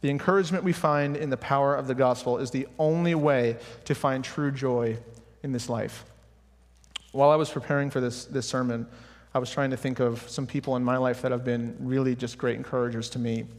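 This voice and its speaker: A man's voice: mid-range voice, steady tone, a little fast. A young adult man giving an earnest, personal sermon in a church, now and then restarting his words. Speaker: preacher. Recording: hall reverb.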